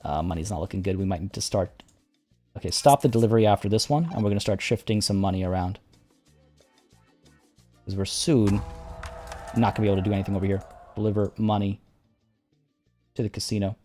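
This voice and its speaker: A man's voice: lowish voice, fairly quick, pauses often, soft background music. A man streaming a strategy game with casual, chatty commentary, talking to his units as he plays. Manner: relaxed, chatty, talks to units.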